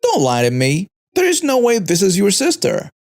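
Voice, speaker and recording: A man's voice: high voice, huge pitch swings, moderate pace, pitched above the performer's own voice, exaggerated voice. A man voicing a hostile, accusing woman shopper who shrieks her accusations.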